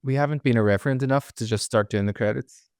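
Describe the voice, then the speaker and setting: A man's voice: medium pitch, fast talker, noisy background. A man with a Belfast accent hosting a podcast, chatting casually and rambling with lots of "like" and asides. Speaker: podcast host.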